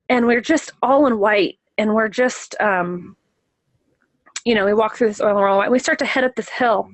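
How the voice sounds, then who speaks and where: A woman's voice: fairly high pitch, no room sound, rough recording. A woman giving a casual spoken account of a vision she had. She talks earnestly and reflectively, often searching for words with fillers and restarts. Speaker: person sharing a vision.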